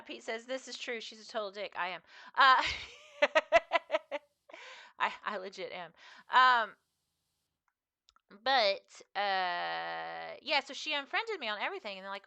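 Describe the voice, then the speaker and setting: Bright, lively woman chatting on stream. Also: mid-range voice, vocal fry, clear, resonant tone, dry recording. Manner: chatty, rambling, laughs often, many fillers. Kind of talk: casual live-stream chat while gaming.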